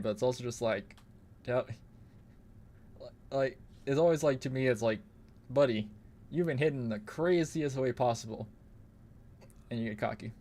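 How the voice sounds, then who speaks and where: A young man talks over his gameplay in a loose, rambling way, peppering every thought with curses. His voice sits at an ordinary middle pitch, and he laughs easily between remarks. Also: a little mellow. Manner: rambling, profane, laughs often. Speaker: streamer. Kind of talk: casual gaming commentary.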